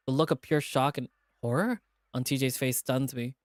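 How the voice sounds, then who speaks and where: A man's voice: mid-range voice, normal speed, no echo, clean studio sound. A man streaming as he reads a visual novel aloud and voices its characters in a dramatic way. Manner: dramatic reading, animated asides.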